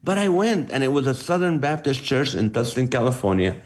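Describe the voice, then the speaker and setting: A middle-aged man from the Holy Land, a comedian guest telling personal stories with animated swings in his voice, acting out the people he quotes. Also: brisk. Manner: acts out voices with big pitch swings.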